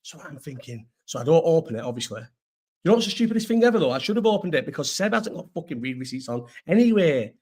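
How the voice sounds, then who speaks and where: A young Englishman from the North rambles through a loose, sweary livestream chat, stopping and restarting his thoughts. His voice sits a little high for a man, and his throat is sore. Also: big pitch swings, quick pace, a little mellow. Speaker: host.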